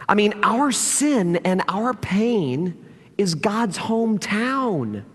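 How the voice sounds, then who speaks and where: Male pastor, high and very animated delivery, storytelling sermon, recorded in a reverberant church hall. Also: drawn-out words, breathy edge. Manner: animated storytelling, acts out quoted lines.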